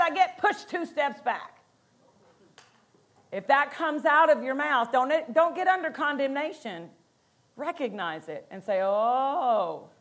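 A woman pastor preaching a sermon in a conversational way, acting out quotes and laughing between points. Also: sits high.

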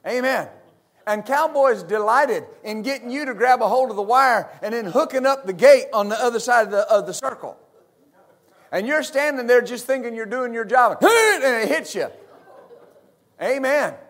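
A middle-aged pastor from West Texas, preaching a fervent sermon full of amens and hallelujahs. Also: male voice, extremely high pitch, moderate pace, fairly bright tone.

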